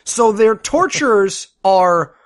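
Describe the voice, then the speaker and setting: A man with a high voice mocks a movie in casual podcast banter. His tone is sarcastic, and he slips into mocking voices when he quotes. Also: lively intonation, slow. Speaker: podcast co-host. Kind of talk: casual comedic movie riffing.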